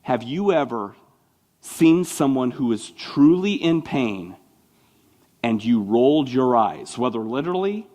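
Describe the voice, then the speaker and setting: Animated, conversational male pastor. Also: medium pitch, measured pace. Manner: animated, conversational preaching with mocking asides. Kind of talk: sermon.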